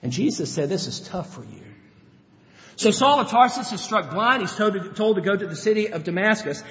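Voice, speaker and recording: A man preaching a sermon, telling Bible stories in an animated way and acting out the characters. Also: high-pitched, fairly quick. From grew up on a farm. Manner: animated storytelling, acts out Bible characters, chuckles. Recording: dull lo-fi sound with long hall reverb.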